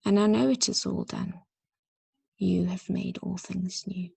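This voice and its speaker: A woman reads a prayer poem to her congregation in a soft, unhurried voice that often slips toward a whisper. Her tone is breathy and husky, with a heavy gravelly fry, and it sits a little low. The recording is dry and close, with no room sound. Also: steady tone, no echo. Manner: soft, slow and reflective, often near a whisper. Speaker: church leader. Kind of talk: reading a prayer poem and sharing a message.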